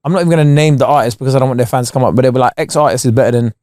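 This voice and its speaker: A man, co-hosting a podcast in animated, slangy, sweary banter. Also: medium pitch, racing, no echo, clean studio sound. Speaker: podcast co-host. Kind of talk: casual banter.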